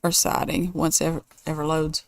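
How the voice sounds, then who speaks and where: A woman's voice: low voice, little pitch movement, moderate pace, gravelly, no room sound. A woman hosting a casual let's play, thinking aloud and weighing choices as she builds. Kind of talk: casual gameplay commentary.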